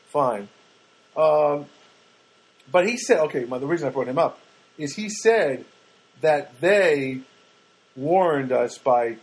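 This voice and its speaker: Man, husky voice, fairly high, casual rambling monologue, wry asides. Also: rough recording. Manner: rambling, many fillers and restarts, wry. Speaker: vlogger.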